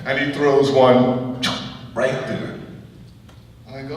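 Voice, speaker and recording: A man's voice: medium pitch, slow, pauses often, far from the mic. Middle-aged man telling stories in an echoey hall. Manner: animated anecdotes, chuckles often. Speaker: guest speaker. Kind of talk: storytelling speech. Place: event hall.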